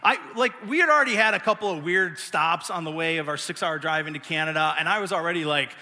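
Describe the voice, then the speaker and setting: A middle-aged man giving a sermon as pastor, telling stories in an animated, self-mocking way. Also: fairly high pitch, fast. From United States. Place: large church auditorium. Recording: long reverb of a church hall.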